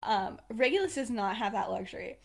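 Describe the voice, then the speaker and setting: Young woman, podcast co-host, casual storytelling, fairly high voice, chatty, laughs a lot. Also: expressive, a little fast, gravelly. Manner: chatty, laughs often, many fillers. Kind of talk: casual fan-fiction storytelling.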